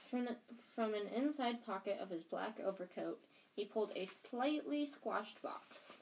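Woman amateur audiobook reader, middle pitch; casual, unpolished read with restarts. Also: a little slow, creaky, a little mellow, slight background noise. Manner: plain, unpolished reading with restarts. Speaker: audiobook reader and podcast host.

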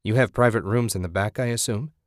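A man's voice: fairly low pitch, fairly quick, no room sound, studio quality, close to an everyday voice. A man voicing a tense, guarded man who speaks carefully and urgently. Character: tense wary man playing along.

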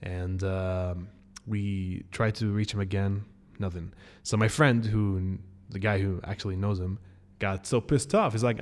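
A man hosting a podcast, telling a story in a casual, animated way, acting out the people in it with sudden jumps in pitch. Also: a little slow, hardly any pauses. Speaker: podcast host.

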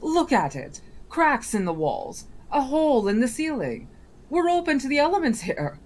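A woman's voice: high voice, big pitch swings, normal speed, pitched above the performer's own voice. A woman voicing a sly, mocking male genie disguised as a boy, who talks in a coaxing, wheedling way. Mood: scornful.

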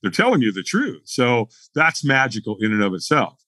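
A middle-aged man telling his story as a podcast guest, animated and acting out the dialogue as he goes. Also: medium pitch, normal speed, no echo.

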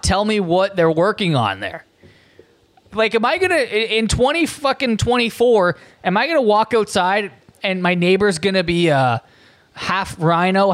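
High-voiced man ranting, profane. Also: fairly bright tone. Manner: profane, incredulous ranting with stumbles. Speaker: podcast host. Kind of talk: comedic rant monologue.

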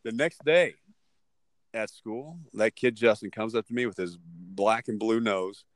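Middle-aged guy, lowish voice, blunt storyteller, dry mic, cusses a bit. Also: measured pace, dry recording. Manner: blunt, animated storyteller, swears freely. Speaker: parent telling a story. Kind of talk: casual podcast chat.

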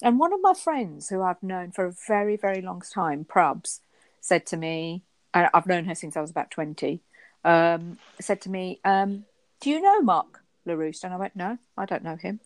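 A woman with a fairly low voice, recorded dry and close, chatting casually. She tells her stories animatedly and jumps up in pitch for quoted exclamations. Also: normal speed, dry recording. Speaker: podcast co-host. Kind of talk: casual chat.

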